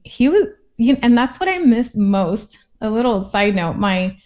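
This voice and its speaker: A woman's voice: on the high side, sing-song, normal speed, darkish tone. A woman from Puerto Rico, a guest in a casual interview, talking in a reflective, thoughtful way.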